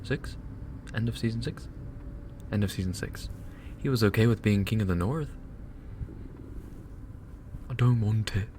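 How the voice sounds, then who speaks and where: A man's voice: lowish voice, normal speed, long pauses, a little mellow, a little hiss or hum. A man streaming live, ranting casually and with exasperation, swearing and laughing as he goes. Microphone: binaural dummy-head mic.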